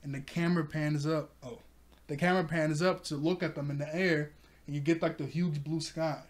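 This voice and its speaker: A man casually recapping a cartoon episode, chatty and quick to laugh. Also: a little high, fairly even intonation. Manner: giggly, chatty. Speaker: anime reviewer.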